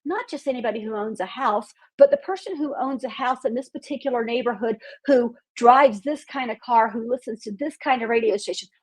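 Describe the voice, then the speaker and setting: A woman's voice: on the high side, lively intonation, a little fast, few pauses, darkish tone. A woman hosting a marketing podcast, speaking bluntly with profanity and a fired-up, outspoken manner.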